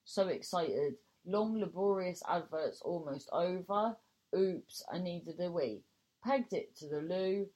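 A woman hosts a chatty radio show, reading listeners' messages aloud and reacting with lively exclamations that jump high in surprise. Her everyday speaking voice sits on the low side. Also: slow pace. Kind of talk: chatty radio phone-in style presenting.

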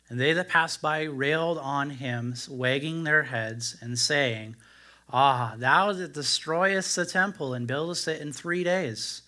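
Male preacher, bright ringing tone, reads scripture aloud as a sermon and lifts his voice for the quoted lines. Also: medium pitch. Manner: reads the King James text aloud, rising for quoted cries.

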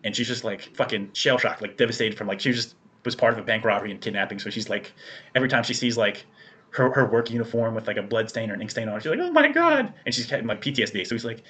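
A man's voice: on the low side, fairly even intonation, racing, fairly bright tone. A young man in casual chat, telling rambling, profanity-filled stories as a podcast co-host.

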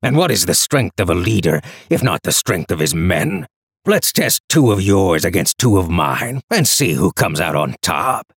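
A man reading a story, voicing a smug, booming male warlord who mocks and bargains. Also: sing-song, normal speed, husky, dry recording, clean studio sound, exaggerated voice. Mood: amused. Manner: amused, mocking.

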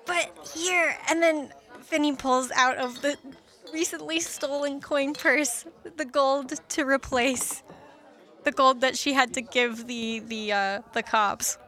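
High, bright woman talking slowly. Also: steady tone. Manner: tentative, thinking aloud. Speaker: player. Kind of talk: casual tabletop play.

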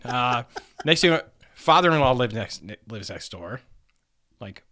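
A man tells a funny story on a podcast, and his pitch swings widely as he goes. His voice is bright and forward, and he swears and laughs freely as he builds the tale. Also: measured pace. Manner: animated, profane, laughing storyteller. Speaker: podcast host telling a story. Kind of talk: comedic anecdote.

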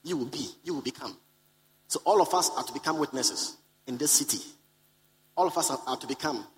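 Male preacher, mid-pitched, emphatic and repetitive, addresses the congregation directly. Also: fairly quick, low-quality recording. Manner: repeats key lines for emphasis; calls out to the congregation. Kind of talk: sermon to a live congregation. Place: conference hall.

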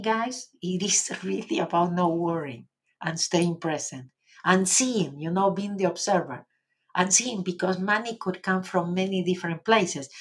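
A native Spanish-speaking woman with an Argentinian accent hosts a relaxed live stream, reading out viewer comments gently and encouragingly, with lots of filler words. Her voice is medium in pitch and a little rough.

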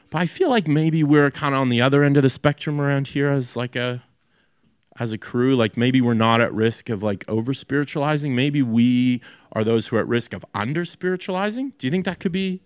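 A man's voice: medium pitch, brisk, dry recording. A man preaching a sermon as a pastor in a loose, conversational way, with many fillers and restarts.

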